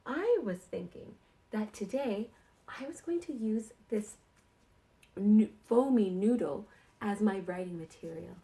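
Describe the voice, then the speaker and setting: A woman teaching sight words to young kindergarten children in a slow, encouraging sing-song way. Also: mid-range voice, animated, dark tone.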